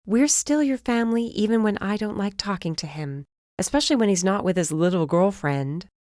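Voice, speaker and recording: A woman's voice: medium pitch, expressive, a little fast, a little mellow, no echo, clean studio sound, voice pushed up, natural voice. A woman reading the part of a touchy, defensive sister in an audiobook, her lines clipped and exasperated.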